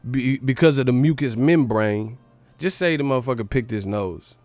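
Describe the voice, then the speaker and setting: A man hosting a livestream, ranting with profane, incredulous mockery. His voice sits at an everyday middle pitch. The sound is dry and close, with faint music behind. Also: moderate pace, darkish tone, no echo. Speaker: livestream host. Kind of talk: comedic livestream rant.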